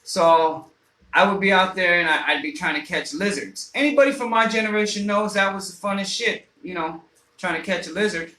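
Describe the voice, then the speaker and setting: A man with a high, bright voice spins a rambling, foul-mouthed story, stumbling over restarts and fillers. He sounds like a radio host chatting loosely, and his voice bounces around a roomy, echoey space. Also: fairly quick. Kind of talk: casual personal storytelling. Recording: roomy echo.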